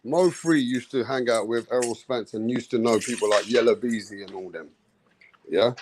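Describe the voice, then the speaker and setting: A man's voice: mid-range voice, moderate pace, a little hiss or hum. A man hosting a live boxing talk stream, blunt and swearing, teasing a chat member.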